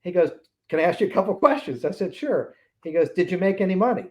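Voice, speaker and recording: Guy in his 60s spinning a story, acts out everyone's voices, a bit higher voice. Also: quick pace. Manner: animated anecdotes, acting out quoted voices. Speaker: guest. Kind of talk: storytelling in a casual interview.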